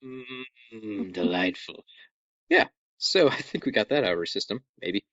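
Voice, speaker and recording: A man hosting a casual podcast, chatty and playful, fond of over-explaining. His pitch bounces around a lot as he talks. The close mic sounds dry and a little muffled. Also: brisk, dry recording. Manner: jokey, animated, over-explaining. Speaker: podcast host.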